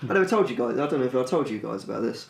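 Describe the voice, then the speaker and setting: Co-host, swings his pitch when telling stories, echoey room. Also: racing, vocal fry, crowd noise. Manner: animated storyteller, swears freely. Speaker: podcast co-host. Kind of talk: casual chat.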